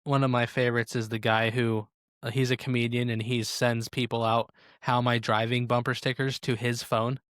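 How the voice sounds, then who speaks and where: A man's voice: medium pitch, moderate pace, clear, resonant tone, no echo, studio quality. Storytelling man co-hosting a podcast. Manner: animated storyteller, acts out quoted voices. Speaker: podcast co-host. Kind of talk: casual chat.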